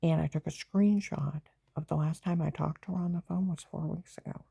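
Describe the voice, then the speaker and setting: This woman speaks in a very gravelly, rasping, breathy voice that sits low and dark. She rambles through a personal story in an aggrieved tone, flaring into angry bursts. The sound is dry and close, with no room echo. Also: steady tone, brisk. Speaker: vlogger.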